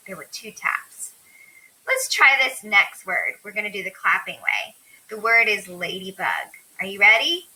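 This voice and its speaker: A woman teaching young children, slow and encouraging, stretching out words. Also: mid-range voice, big pitch swings, sharp tone, poor audio.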